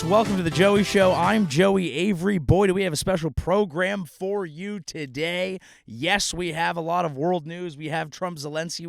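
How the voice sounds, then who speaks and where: A man hosting a comedy podcast rambles sarcastically through a monologue, now and then bursting into shouts. His voice sits fairly high for a man. The sound is dry and close, even though he sits outdoors in a meadow. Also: dry recording. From California.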